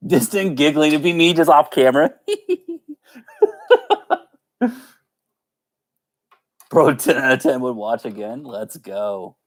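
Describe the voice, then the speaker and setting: A man's voice: medium pitch, slow, long pauses. A man casually chatting with viewers on a live stream, playful and chatty, often breaking into giggles. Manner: giggly, keeps breaking into laughter.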